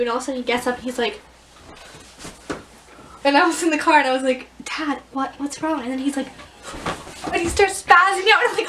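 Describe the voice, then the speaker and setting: A young woman vlogging, telling embarrassing stories in a giggly, animated way and acting out the scenes. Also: high voice, a little hiss or hum. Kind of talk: casual storytelling vlog.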